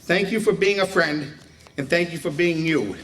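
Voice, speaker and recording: A man's voice: a little high, moderate pace, fairly bright tone. A man giving a speech at a retirement dinner, telling stories and acting out quoted dialogue. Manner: storytelling, joking, acts out quoted dialogue. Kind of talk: speech with anecdotes. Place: banquet room. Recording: distant mic with faint room noise.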